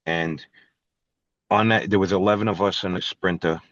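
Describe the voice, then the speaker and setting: Blunt, cursing man, low voice. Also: steady tone, normal speed, a bit bright, dry recording, dull audio. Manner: blunt, profane, ranting. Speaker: guest musician, guitarist. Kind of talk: casual storytelling interview.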